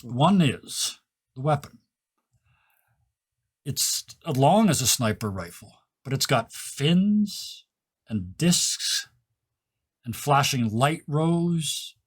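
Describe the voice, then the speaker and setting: Casting: male game master narrating a tabletop scene, mid pitch, describes things at length with fillers. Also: big pitch swings, drawn-out words, long pauses, slightly rough.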